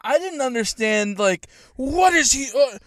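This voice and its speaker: A sports podcast co-host in casual chat, dropping wry, quick interjections. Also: high-pitched, expressive, a bit bright, no echo, clean studio sound.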